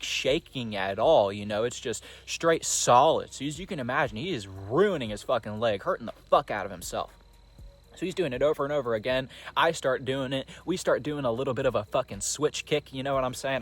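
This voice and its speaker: Fast-talking young man telling a story. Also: medium pitch, fairly bright tone. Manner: rambling, profane, full of fillers. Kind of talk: casual storytime monologue.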